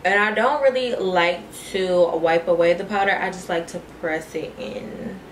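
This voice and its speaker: A young beauty vlogger with a voice on the low side talks at a moderate pace, chatting casually about her makeup routine and calling viewers "y'all" and "girl." The room sounds echoey, with faint noise.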